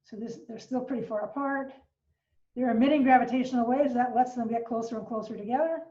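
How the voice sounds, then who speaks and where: A woman's voice: a little high, quick pace, warm tone. Older woman explaining science, roomy and distant. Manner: explanatory, patient, with frequent fillers and restarts. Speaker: astronomy professor giving a lecture. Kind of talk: informal online science lecture. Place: living room at home. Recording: roomy, distant, dull home recording.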